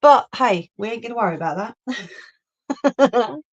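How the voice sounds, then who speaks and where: Unhurried, chatty woman hosting a home crafting livestream, reads out and answers viewer comments. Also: a little high, lively intonation, highs cut off. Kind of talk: casual live chat while crafting. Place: home craft room, indoors. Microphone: phone or webcam on a livestream.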